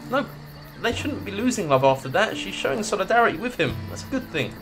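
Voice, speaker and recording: A man's voice: high voice, expressive, a little fast, fairly bright tone, faint music behind. A man doing casual gameplay commentary, swearing freely and reading the game's text aloud. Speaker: gaming video creator.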